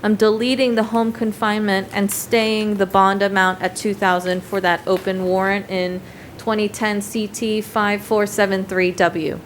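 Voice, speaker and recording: A woman presiding as a judge in a courtroom, reading out bail conditions in a brisk, procedural way and spelling them out slowly. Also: mid-range voice, level tone. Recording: faint room noise, heater.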